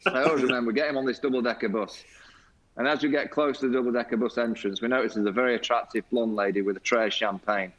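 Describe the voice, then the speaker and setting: A man, a guest on a video call, telling a lively anecdote with laughter and quoted voices. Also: mid-range voice, quick pace, low-quality recording. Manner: lively storyteller, laughs often, mimics teammates. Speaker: former cricket captain guest. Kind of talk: anecdotal storytelling.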